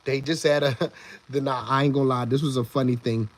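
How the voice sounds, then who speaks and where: A livestream host with a mid-range voice and fairly even intonation talks fairly quickly on a casual stream. He rambles, restarts sentences, repeats words, and greets viewers in the chat by name.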